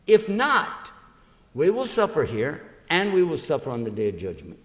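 Animated male preacher in a reverberant hall. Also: fairly high pitch, normal speed. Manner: acts out little dialogues and quizzes the audience. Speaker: Islamic preacher giving a lecture. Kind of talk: lively religious lecture to an audience. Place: large university lecture hall. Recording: long reverb of a lecture hall.

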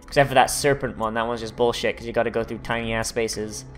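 A man's voice: medium pitch, level tone, quick pace, soft background music. A man doing casual gameplay commentary, swearing often and breaking into frustrated outbursts. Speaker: let's player.

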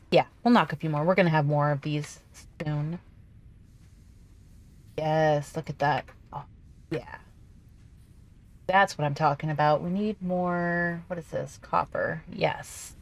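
A woman with a slightly low voice hosts a gameplay video. She chats casually and excitably, talking to herself as she plays. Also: takes it slowly, long pauses. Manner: chatty, excitable, talks to herself while playing. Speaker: gaming video host.

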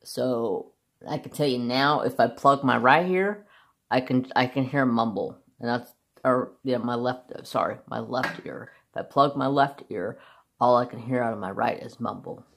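A woman's voice: very deep voice, normal speed, creaky. A woman craft vlogger in casual, rambling chat, laughing often and swearing freely.

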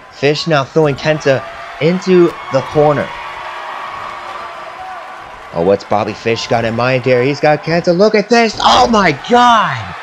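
A man doing excitable play-by-play commentary over a wrestling video game, often shouting at big moves. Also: fairly high pitch, background noise. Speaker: amateur commentator.

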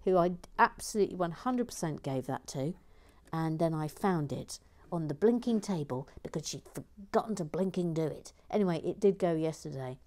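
A woman hosting a relaxed building video, chatting casually and often dropping to a whisper. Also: low-pitched, normal speed, hardly any pauses. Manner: chatty, often drops to a whisper, rambling asides. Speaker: host.

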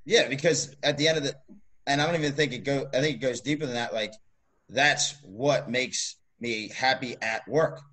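A man's voice: medium pitch, moderate pace. Easygoing man, rambling casual talk. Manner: relaxed, rambling, heavy on "like" and "you know". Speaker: podcast co-host. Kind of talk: casual chat.

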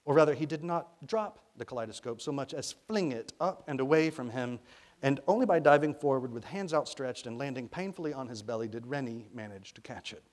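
A man from Arkansas, an author reading his own fiction aloud in a lively, expressive way. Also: mid-range voice, brisk.

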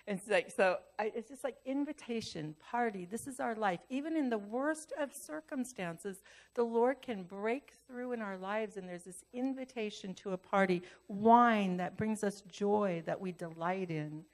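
An older woman giving a sermon, telling a personal story in an animated way and acting out the lines of other people. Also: mid-range voice, moderate pace. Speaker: pastor.

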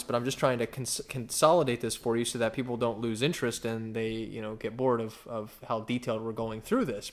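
A pastor preaching in a casual, conversational way, with wry asides and lively acted-out quotes. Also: male voice. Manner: animated, acts out quotes with big pitch jumps. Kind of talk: conversational sermon.

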